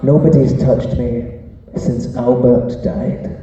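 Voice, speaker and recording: A man voicing a frail, posh old Scottish lady who speaks softly and wistfully. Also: mid-range voice, level tone, takes it slowly, slight background noise, lightly acted. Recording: echoey venue, distant, dull sound.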